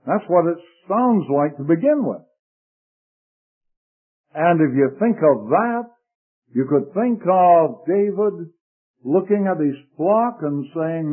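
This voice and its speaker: An older man delivers a sermon at a very slow, measured pace, his voice sitting a little high. He sinks to a hushed, low tone whenever he speaks scripture. The sound is thin and tinny, like an old radio broadcast. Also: expressive. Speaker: preacher.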